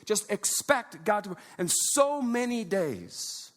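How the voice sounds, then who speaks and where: Male pastor, light high voice, preaching in an animated, chatty way, church setting. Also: measured pace, hardly any pauses. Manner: conversational, animated preaching with audience asides. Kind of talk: sermon. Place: church sanctuary.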